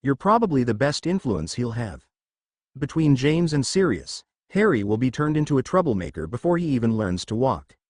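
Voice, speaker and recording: A man's voice: mid-range voice, sing-song, normal speed, darkish tone, no echo, clean studio sound. A man reading aloud and voicing a firm, teasing young mother in a storybook reading.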